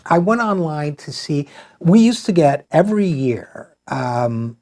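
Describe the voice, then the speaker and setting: Man, middle-aged, interview host, mellow warm voice, rambling, lots of restarts. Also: fairly high pitch, big pitch swings, measured pace. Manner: rambling, thinks aloud with many restarts and fillers. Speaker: show host. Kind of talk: conversational interview.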